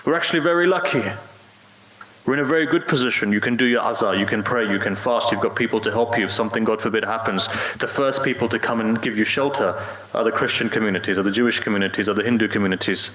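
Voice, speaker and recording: A man's voice: on the low side, fast, fairly bright tone. A man preaching a sermon with earnest emphasis, telling a story to a mosque congregation. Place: mosque hall. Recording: roomy, dull hall recording.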